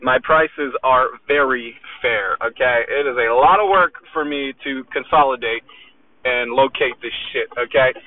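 A man's voice: medium pitch, measured pace, dry recording. A man selling fitness equipment delivers an aggressive, profane motivational rant, swearing constantly and sounding agitated. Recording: tinny phone-like audio.

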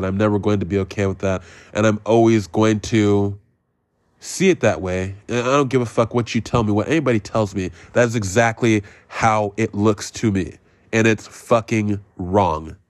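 A man's voice: fairly low pitch, darkish tone, dry recording. A man hosting a podcast, giving a blunt, profane movie review rant. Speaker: podcast host.

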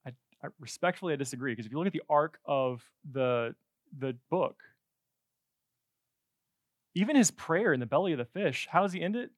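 A man preaching a sermon in a conversational, animated way, with joking asides. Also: a little high, normal speed, pauses often, no echo, clean studio sound.

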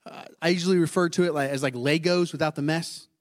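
Male pastor in his thirties, lilt, chatty sermon delivery, voice pitched a bit high, keeps asking the room questions. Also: fairly even intonation, fast. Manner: conversational, asks the congregation questions.

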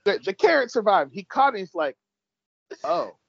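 A man's voice: high-pitched, sing-song, fast, creaky, fairly bright tone, no room sound. A man co-hosting a casual chat, eagerly recapping a story, swearing freely and acting out the characters' lines. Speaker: podcast co-host recapping an episode. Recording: dull lo-fi dry sound.

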